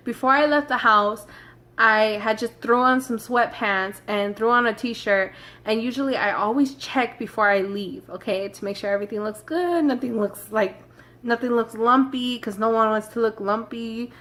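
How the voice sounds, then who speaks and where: Young woman vlogging a storytime, chatty and hurried, voice a bit on the high side. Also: fairly bright tone. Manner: chatty, rushed storytelling, addresses viewers directly. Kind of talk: storytime vlog.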